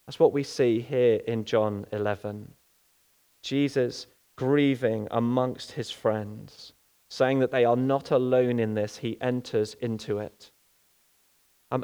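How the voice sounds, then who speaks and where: Earnest guy preaching, mid pitch, takes his time, drags out the big lines. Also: fairly even intonation, darkish tone, clear, resonant tone. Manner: earnest, unhurried, slows down for key phrases. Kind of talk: sermon.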